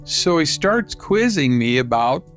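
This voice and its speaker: A man's voice: on the high side, big pitch swings, a little slow, a bit bright, faint music behind. An older man from Southern California telling a rambling personal story, lifting his voice when he acts out what others said. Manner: rambling, lifts his voice to act out quoted lines. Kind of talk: personal anecdote.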